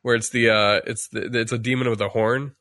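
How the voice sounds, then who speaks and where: A man's voice: medium pitch, level tone, a little fast, sharp tone, no room sound, studio quality. A man chatting casually on a podcast, rambling with many restarts and fillers while acting out quotes. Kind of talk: casual chat.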